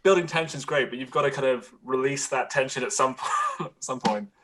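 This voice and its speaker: A man's voice: medium pitch, fairly quick, a bit bright. A man who is a guest on a podcast, stumbling a little over his words in casual chat.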